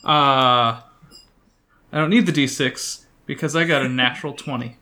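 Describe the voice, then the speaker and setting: Bright-voiced man describing his character. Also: mid-range voice, normal speed. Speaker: player. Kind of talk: casual tabletop play.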